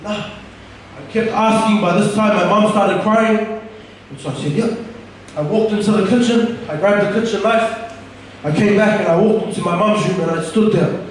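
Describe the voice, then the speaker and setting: A young man tells his life story in an earnest, candid way, his voice pitched notably high. He sounds set back from the mic in a very echoey room, with a faint hiss of noise behind him. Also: normal speed, recorded from a distance. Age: young adult. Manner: earnest and candid, with frequent restarts. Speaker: speaker giving a personal testimony. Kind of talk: personal testimony told to an audience.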